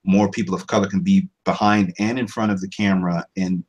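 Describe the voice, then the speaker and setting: On poor audio, a man in his thirties who works as a voice over artist speaks fairly quickly with fairly even intonation and a darkish, husky tone. Chatting casually in an interview, he meanders, frequently starts his sentences over, and breaks into higher impressions.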